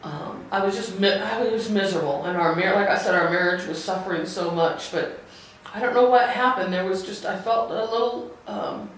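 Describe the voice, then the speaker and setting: Halting woman in a very echoey room. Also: mid-range voice, distant mic, slight background noise. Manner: halting and earnest, with many pauses and restarts. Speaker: mother telling her family's story. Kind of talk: personal storytelling to camera.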